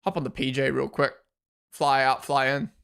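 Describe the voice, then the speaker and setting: This livestream host, a man in his twenties with a New Zealand accent, reads viewer comments aloud and answers them in casual chat. He speaks at medium pitch and a moderate pace, with flat delivery, vocal fry, and a clean, slightly bright tone.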